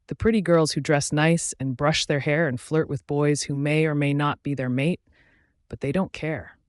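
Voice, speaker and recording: A man narrating a first-person fantasy audiobook in a reflective, measured reading. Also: on the high side, dry recording, clean studio sound.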